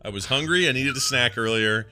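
A man's voice: medium pitch, brisk, sharp tone, faint music behind. A man hosting a podcast in casual, joking chat, playing listener calls and snacking at his desk. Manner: laid-back, joking, talks while snacking. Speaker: podcast host.

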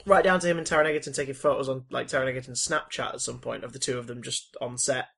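A man co-hosting a casual film chat, excitable and animated, laughing often. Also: medium pitch, fast talker, creaky, slightly rough. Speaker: podcast co-host.

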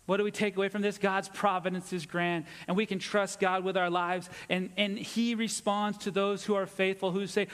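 Man preaching, fairly high voice, earnest, softening for emphasis, long hall reverb. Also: level tone, normal speed, clear, resonant tone. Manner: earnest preaching, drops low and soft for emphasis. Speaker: pastor. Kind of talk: sermon.

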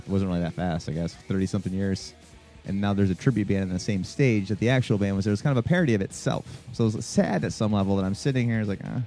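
A man's voice: lowish voice, mellow. A man co-hosting a podcast, rambling through a story in casual chat and laughing easily, with faint rock music playing behind him. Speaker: podcast co-host.

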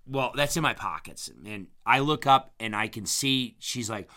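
This mid-range male voice, pushed and bright, moves at a measured pace. He's rambling through a story in relaxed conversation, clearing his throat frequently because he has hurt his vocal cords and sounds strained.

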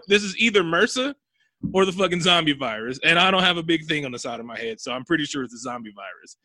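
A man's voice: high-pitched, very animated, fairly quick, bright, forceful tone, dry recording. A man hosting a casual comedy podcast, profanely recapping a movie and acting out the characters' lines.

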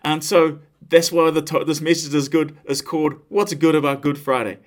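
A man preaching a sermon, animated and emphatic, putting questions to his listeners. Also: on the high side, normal speed. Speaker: pastor.

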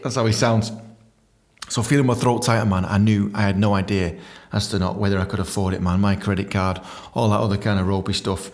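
A man telling a comic story from his own book, swearing a lot, laughing often and jumping into a squeaky high voice to act out his younger self. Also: steady tone, brisk. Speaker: comedian reading his memoir. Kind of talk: casual storytelling with read-out chapter.

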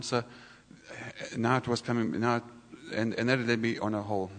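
Halting, husky man in a church hall. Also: lowish voice, fairly even intonation. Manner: conversational, halting with many restarts. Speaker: church speaker. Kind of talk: personal sermon testimony.

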